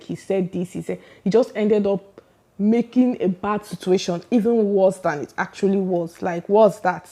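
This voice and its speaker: A woman's voice: mid-range voice, warm tone. A woman ranting emphatically about celebrity gossip, firing off rhetorical questions. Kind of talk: casual opinion rant.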